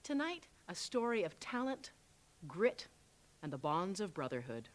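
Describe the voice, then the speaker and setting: A woman host giving a scripted, measured introduction to a documentary. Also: fairly low pitch, very animated, background noise.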